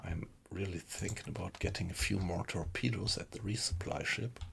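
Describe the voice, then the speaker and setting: Low gravelly guy streaming a game from his little computer room, laid back chatty, faint clicks behind. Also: slight background noise. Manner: relaxed, unhurried, greets viewers chattily. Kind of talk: casual live-stream chat while playing. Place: small home computer room.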